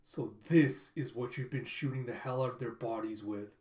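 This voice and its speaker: A man voicing an angry male monster-fighter hero in flat, low quoted lines. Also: normal speed, natural voice. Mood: determined. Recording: roomy echo.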